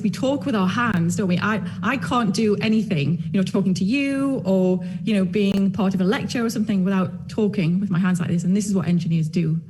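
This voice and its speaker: A woman's voice: mid-range voice, breathy edge, rough recording. A woman interviewing a guest, asking questions and thanking him effusively. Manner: warm, effusive. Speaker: interviewer, institution president.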